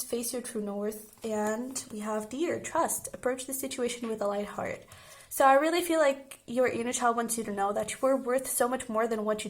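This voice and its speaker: Soft-spoken tarot reader lady, kinda high voice, talking to you all comforting and chill. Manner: gentle and reassuring, speaking directly to the viewer. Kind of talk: casual pick-a-card tarot reading.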